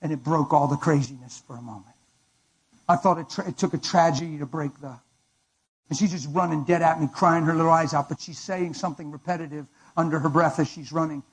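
Male preacher, high husky voice, emphatic dramatic storytelling. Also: steady tone, a little fast, low-quality recording. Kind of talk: sermon testimony.

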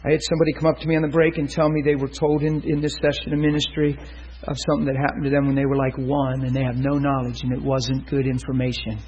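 A man's voice: medium pitch, level tone, quick pace, a little mellow, slightly rough, highs cut off. A man preaching a storytelling sermon, acting out the dialogue with laughter.

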